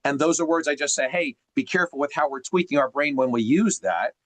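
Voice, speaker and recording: A man's voice: a little high, fairly quick, no room sound. A man coaching someone on a video call, emphatic and teacherly, asking rhetorical questions as he explains.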